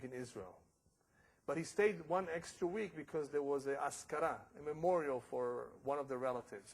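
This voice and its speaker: A man's voice: a little high, rough recording. A man giving a religious lecture as a rabbi, telling stories and sprinkling in Hebrew and Yiddish terms.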